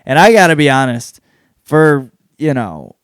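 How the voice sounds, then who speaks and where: A man's voice: on the high side, sing-song, a little slow, smooth, dry recording, clean studio sound. A man hosting his own podcast, rambling through a casual rundown with plenty of swearing and blunt opinions. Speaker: podcast host.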